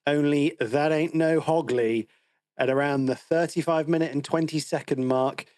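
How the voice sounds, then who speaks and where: A man's voice: on the high side, a little mellow, dry recording. A man co-hosting a film podcast, recapping the plot in a wry, teasing way. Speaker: podcast co-host. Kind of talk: casual film discussion.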